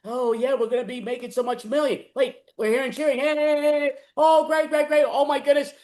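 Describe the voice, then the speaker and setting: Guy playing a high-voiced smarmy swindler, rambly, lots of oh yeah. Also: level tone, brisk, a little mellow. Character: pushy smarmy male swindler. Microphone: video call.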